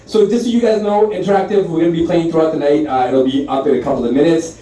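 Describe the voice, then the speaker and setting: A man hosting a live podcast, running quick questions with upbeat, joking banter. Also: a little high, fairly even intonation, warm tone. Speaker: podcast host. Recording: very echoey room, mic far off.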